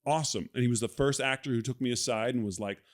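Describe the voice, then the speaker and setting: A man's voice: mid-range voice, fast talker. A middle-aged man in casual conversation as a podcast guest, telling stories animatedly and acting out quoted lines. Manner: animated storyteller, acts out quoted lines with laughs.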